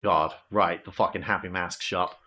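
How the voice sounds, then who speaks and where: A man streaming a game, giving casual, rambling, profane commentary with deadpan asides. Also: sits low, normal speed.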